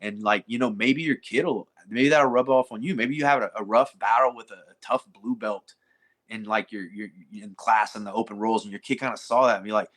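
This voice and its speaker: A man speaks in a bright, forceful voice. He is a middle-aged jiu-jitsu coach who lectures bluntly and swears freely in a relaxed podcast conversation. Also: fairly low pitch, a little fast. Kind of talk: casual podcast chat.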